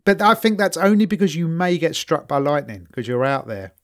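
A man's voice: on the high side, sing-song, fairly quick, a bit bright. A man in his fifties co-hosting a podcast, chatting casually, laughing often and acting out voices in his retellings. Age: 50s. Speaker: podcast co-host. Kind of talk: casual chat.

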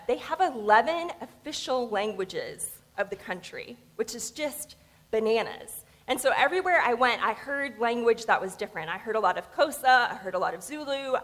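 A woman's voice: a little high, fairly bright tone. A woman pastor with a Southern American accent, giving a conversational sermon with informal storytelling and asides. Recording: long reverb of a church hall.

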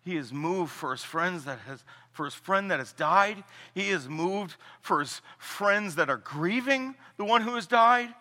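A man preaching a sermon as pastor, animated and joking, acting out the people he quotes. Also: high-pitched, unhurried. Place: church sanctuary. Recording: long hall reverb.

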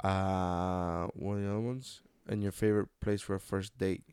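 A man's voice: low-pitched, flat delivery, normal speed, a little mellow, clean tone, dry recording. A man in his thirties co-hosting a casual chat with his wife, joking and teasing as he retells a story. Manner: joking, swears freely, teasing. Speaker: podcast co-host.

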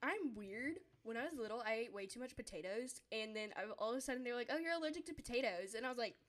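A woman's voice: fairly high pitch, fast talker, fairly bright tone. A teenage girl with a Southern US accent, leading a casual group chat and giggling often. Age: teen. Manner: giggly, chatty, Southern turns of phrase.

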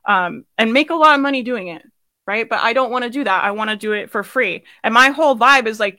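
A woman's voice: a little high, fairly quick, bright, forceful tone, dry recording. A woman business coach giving a live sales training, blunt and swearing casually, asking her audience questions and laughing often.

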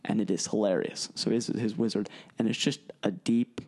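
A man's voice: lowish voice, fairly even intonation, normal speed, a little mellow, husky. A young man talking casually about running tabletop games, rambling with many fillers and restarts. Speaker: game master guest. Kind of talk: casual chat.

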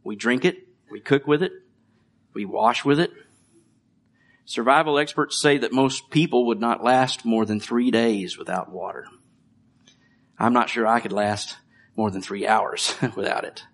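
A man's voice: medium pitch, a little slow, long pauses. A middle-aged man preaching a conversational sermon, reading scripture and joking about his children. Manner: conversational, with light jokes and laughs. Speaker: pastor.

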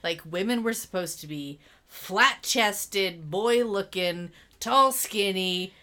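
A woman's voice: medium pitch, slow pace, sharp tone. A woman co-hosting a casual podcast, bantering wryly with her friend about a TV episode. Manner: wry, joking banter. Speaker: podcast co-host. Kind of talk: casual chat.

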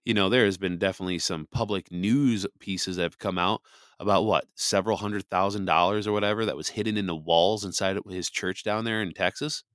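Low-voiced man giving casual Bible commentary. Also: steady tone, fairly quick, fairly bright tone, dry recording, studio quality. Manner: conversational, frequent "you know" fillers, emphatic preaching. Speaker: podcast host.

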